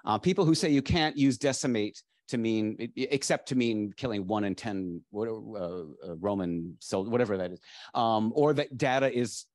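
A man's voice: fairly low pitch, normal speed, darkish tone, no echo, clean studio sound. Enthusiastic man giving a lecture. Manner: enthusiastic, digressive, with frequent restarts and fillers. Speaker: lecturer, dictionary editor. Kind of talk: public lecture to a live audience. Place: library lecture space.

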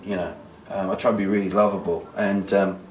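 A man with a lowish voice, a comedian telling stories in a relaxed interview. He rambles with many fillers and acts out voices. He sounds set back from the mic in a roomy space, with faint noise behind. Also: brisk, recorded from a distance. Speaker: comedian guest. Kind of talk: casual interview chat.

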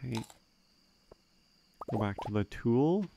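A young man giving relaxed, rambling gameplay commentary, thinking aloud with frequent fillers. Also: medium pitch, takes it slowly, creaky, muffled recording, noisy background. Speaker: let's play gamer.

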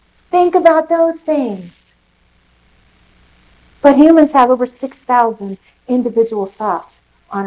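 A woman pastor preaching a sermon, lively and emphatic, putting questions to the congregation. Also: high voice, low-quality recording. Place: church service in a rec center.

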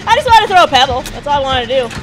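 A woman's voice: high-pitched, big pitch swings, rapid-fire, noisy background. A woman giving casual, jokey commentary while streaming a video game, talking to the characters on screen. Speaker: gameplay streamer.

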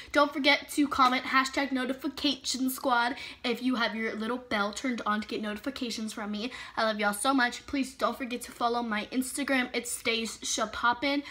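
High-voiced bubbly woman vlogger. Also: sharp tone. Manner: bubbly, dramatic reactions, lots of "like". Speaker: beauty vlogger. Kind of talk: casual haul video chat.

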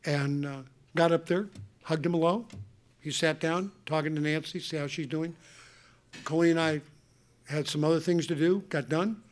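A man's voice: a little high, moderate pace. Earnest older man telling family stories. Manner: earnest, animated, with many restarts. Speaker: speaker answering audience questions. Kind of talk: emotional personal storytelling. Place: conference hall.

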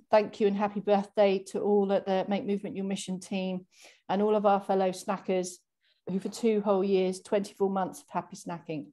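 A woman's voice: medium pitch, mellow. A woman hosting an online exercise class celebration, reading out thank-you messages on a video call in a chatty way with frequent restarts.

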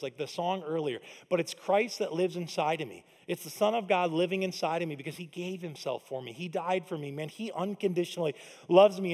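High-voiced preaching man in a reverberant hall. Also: a little mellow. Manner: conversational, emphatic preaching with rising calls to the audience. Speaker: pastor. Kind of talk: sermon. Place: church auditorium.

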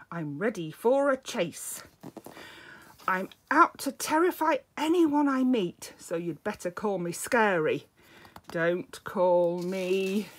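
A woman reading aloud and voicing a small, boastful male monster who wants to sound gruff and scary. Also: mid-range voice, fairly bright tone, slight background noise.

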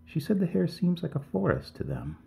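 A man's voice: lowish voice, big pitch swings, normal speed, gravelly, mellow. A man voicing a worried, tearful middle-aged village mother who pleads deferentially and keeps calling him sir. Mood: worried pleading. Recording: tinny phone-like audio.

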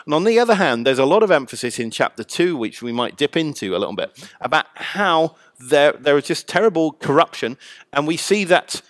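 A man explaining scripture as a guest scholar, measured and thoughtful with frequent pauses. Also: a little high, sing-song, no room sound. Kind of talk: explanatory teaching.

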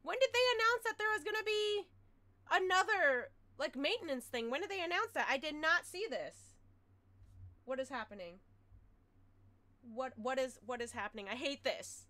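A woman streamer chatting casually to her viewers through a headset mic, excitable and quick to loudly exclaim and complain. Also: high-pitched. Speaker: game streamer. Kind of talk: casual live-stream chat.

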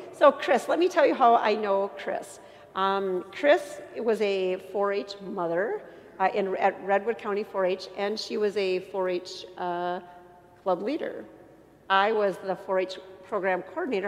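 Earnest woman speaker, long church reverb. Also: medium pitch. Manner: earnest and emotional, with self-deprecating humor; halting restarts when emotional. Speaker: inspirational speaker. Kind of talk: personal faith testimony to an audience.

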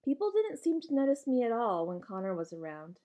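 A woman reading a novel aloud in steady first-person narration, with casual asides to her listeners. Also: on the high side, brisk. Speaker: reader.

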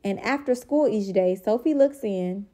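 Mellow woman reading a picture book aloud. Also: mid-range voice, a little slow. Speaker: reader.

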